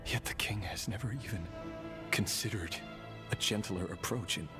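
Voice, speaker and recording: An actor playing a weary, brooding swordsman who kills for a king, speaking in a calm, measured game voice. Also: fairly low pitch, lightly acted. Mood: grave. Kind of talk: game voice acting. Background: game soundtrack music.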